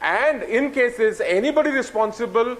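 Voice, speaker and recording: High-voiced impassioned Indian man. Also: animated, normal speed, fairly bright tone. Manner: impassioned, stammers into his points. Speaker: debate panelist. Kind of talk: televised studio debate.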